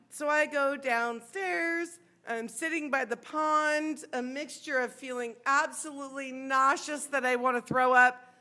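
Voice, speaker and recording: A woman in her forties with an American accent, telling a true personal story on stage and acting out the people in it. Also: high-pitched. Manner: animated, acts out the voices in her story. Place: sports bar stage.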